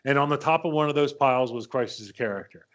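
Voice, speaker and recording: In a fast, middle-pitched voice, a man in his fifties hosting a podcast tells a relaxed, conversational story. He wanders through anecdotes, frequently restarts his sentences, loops back, and voices the other characters' lines himself.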